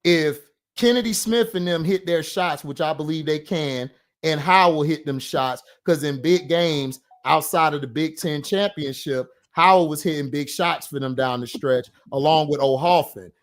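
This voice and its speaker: Passionate high-voiced man arguing sports. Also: normal speed. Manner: passionate, argumentative, repeats points insistently. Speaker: sports talk show host. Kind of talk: heated casual sports debate.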